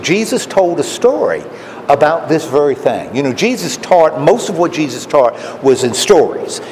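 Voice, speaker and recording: A man with a high, lively voice gives a folksy sermon and keeps putting questions to his listeners. He is heard in an echoey hall with a faint hum of noise behind him. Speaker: lay preacher. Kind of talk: conversational sermon. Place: common room of a retirement home.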